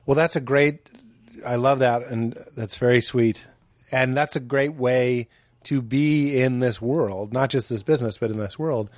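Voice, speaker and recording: A man's voice: medium pitch, unhurried, no echo. Man, comedian guest, earnest and reflective, dry sound. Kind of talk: casual podcast chat.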